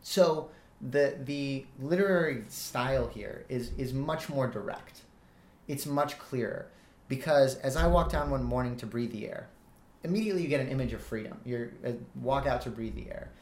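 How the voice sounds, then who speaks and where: A young man talks through song lyrics with earnest, analytical care, pausing with small fillers before reciting lines. His voice sits at an ordinary middle pitch. The room gives it a noticeable echo. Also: darkish tone. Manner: earnest, quotes lyrics with hesitations. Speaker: student interviewer. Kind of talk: analytical discussion. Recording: roomy echo.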